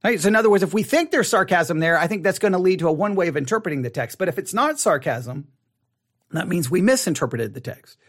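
A pastor leading an online Bible study in a casual teaching style, talking conversationally and asking the audience questions, with many restarts and repeated words. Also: male voice, high-pitched, animated, fast talker.

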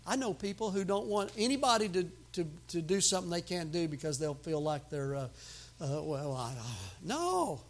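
A man preaching a sermon as pastor, emphatic, with sudden loud outbursts and folksy humor. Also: sits high, a little fast, hardly any pauses.

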